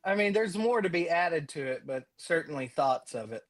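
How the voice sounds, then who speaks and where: A man, a student in a class, answering in a sheepish, halting way. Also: fairly high pitch, expressive, crowd noise. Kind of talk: casual classroom chat.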